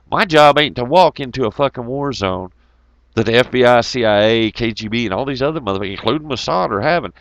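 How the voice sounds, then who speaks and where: A man's voice: mid-range voice, fairly quick, bright, forceful tone, no room sound. A middle-aged man hosting an online talk show, ranting heatedly with lots of swearing and mocking asides. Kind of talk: profane ranting monologue.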